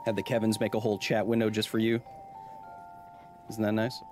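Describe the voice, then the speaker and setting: A man's voice: lowish voice, monotone, brisk, music in the background. A man in his thirties hosting a casual live gaming stream, joking around and reading chat aloud. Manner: playful, jokey, reads chat aloud. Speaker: streamer, science communicator.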